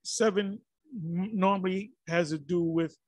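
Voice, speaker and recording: A man's voice: high-pitched, steady tone, unhurried, dry recording. A man giving rambling, exasperated commentary on a religious video, full of restarts and fillers.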